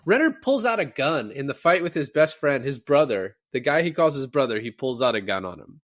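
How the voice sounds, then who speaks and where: A man co-hosting a podcast, casually reviewing a film and retelling its scenes with animated, profane enthusiasm. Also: mid-range voice, fairly quick, no echo, studio quality. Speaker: podcast co-host. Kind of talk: casual movie review chat.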